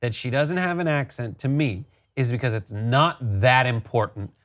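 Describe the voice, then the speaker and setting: A man's voice: mid-range voice, normal speed, fairly bright tone. A man co-hosting a casual pop-culture discussion, easygoing with a wry, dry humor. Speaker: co-host.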